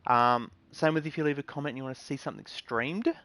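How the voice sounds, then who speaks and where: A man's voice: medium pitch, quick pace, sharp tone, no echo. Rambling, earnest male streamer, dry sound. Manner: rambling, earnest advice with many ums and restarts. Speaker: game streamer. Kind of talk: casual live-stream talk.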